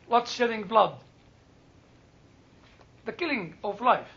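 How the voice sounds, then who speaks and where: Man, Bible teacher; very high, bright voice, slow delivery, dull lo-fi recording. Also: expressive, gravelly. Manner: slow, searching for English words. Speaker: Bible lecturer. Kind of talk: informal Bible talk. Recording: dull lo-fi sound.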